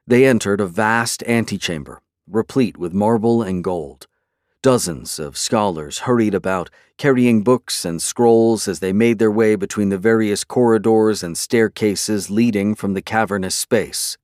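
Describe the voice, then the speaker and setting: A man narrating a fantasy novel in a steady, measured storytelling manner. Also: lowish voice, no room sound, studio quality. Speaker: audiobook narrator.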